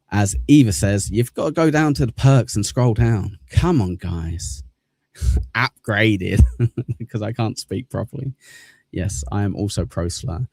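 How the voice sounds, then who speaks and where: A man's voice: fairly low pitch, vocal fry, mellow, dry recording, studio quality. A man hosting a livestream, chatting casually as he thanks channel members, rambling and self-deprecating. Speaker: livestream host.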